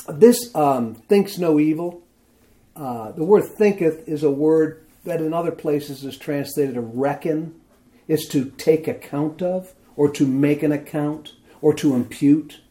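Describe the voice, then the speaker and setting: Male pastor, slightly high and mellow voice, chatty sermon delivery with scripture reading and frequent rhetorical questions. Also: measured pace. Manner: conversational, asks "see?" and "isn't that something?"; reads scripture aloud with emphasis.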